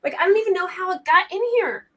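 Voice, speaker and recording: A woman's voice: extremely high pitch, fast talker, fairly bright tone. A young adult woman hosting a true crime livestream, chatting casually in a rambling, flustered way and laughing easily.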